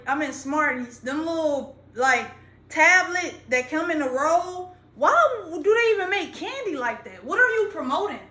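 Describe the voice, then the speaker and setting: Standing indoors in an echoey room, a young woman who makes content rambles into her phone, profane and heavy on slang. Her voice is high-pitched with a sharp tone.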